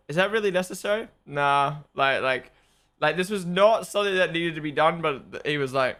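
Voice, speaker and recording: A young man live-streaming his reactions to a race broadcast, excitable and quick to repeat himself. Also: a little high, clean tone.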